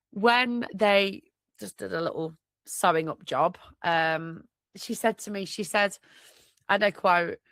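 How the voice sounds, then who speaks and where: A woman's voice: lowish voice, fairly bright tone, no room sound. A young woman hosting a personal podcast, talking candidly and emotionally with a blocked nose, sniffing and tearful, with many restarts. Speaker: podcast host.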